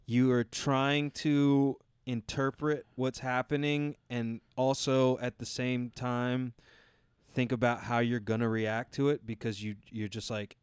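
Smooth-voiced man musing aloud. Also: medium pitch, flat delivery, measured pace, dry recording, clean studio sound. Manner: rambling, musing, casual swearing. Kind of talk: casual chat.

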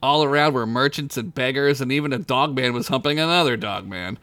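A man's voice: mid-range voice, fairly quick, a bit bright, dry recording. A man reading a comedic story aloud for a podcast, laughing at his own jokes.

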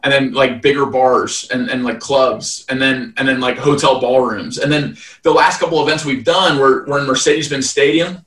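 A man's voice: medium pitch, steady tone, moderate pace, few pauses, fairly bright tone. A man in his thirties, a guest telling stories in a casual interview, rambling with lots of fillers and restarts. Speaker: guest, fight event promoter. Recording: roomy, distant mic.

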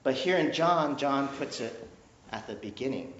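A man's voice: mid-range voice, normal speed, a little hiss or hum. Male pastor, conversational sermon, playful, roomy echo, muffled audio. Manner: conversational, animated, keeps asking "right?"; playful, jokes with the congregation. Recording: echoey room, dull lo-fi sound.

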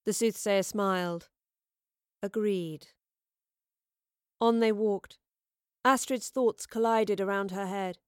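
A woman's voice: mid-range voice, clean tone, no echo. Woman narrating an audiobook, dry sound. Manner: measured, steady storytelling. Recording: dry close recording.

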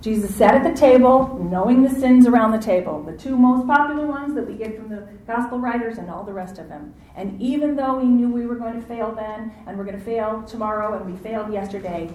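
A woman's voice: a little high, a little fast, hardly any pauses. Woman preaching in an echoey room. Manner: animated, acts out quoted voices, asks audience to respond. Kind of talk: sermon.

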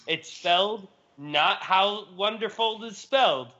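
A man's voice: high-pitched, takes it slowly, sharp tone. A man telling a funny story in a casual podcast chat. He swears freely and tells it with lots of animation. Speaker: podcast co-host. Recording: slightly dull lo-fi podcast audio.

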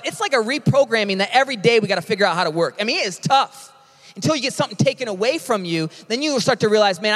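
High-voiced preacher in a reverberant hall. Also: male voice. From United States. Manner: emphatic, energetic, casual preaching. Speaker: pastor. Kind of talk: sermon. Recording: long reverb of a large hall.

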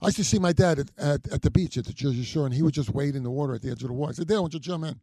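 A man's voice: medium pitch, racing, mellow, no room sound. An older man hosting a podcast, giving blunt opinions in a ranting way and tagging his points with "okay?". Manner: trails off into mumbling restarts and fillers. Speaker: podcast host. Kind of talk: opinionated casual rant.

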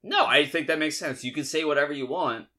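A man co-hosting a podcast in easy, casual chat. His voice rings bright and forward, and he rambles along in an animated, joking manner. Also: on the high side, fairly quick. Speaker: podcast co-host.

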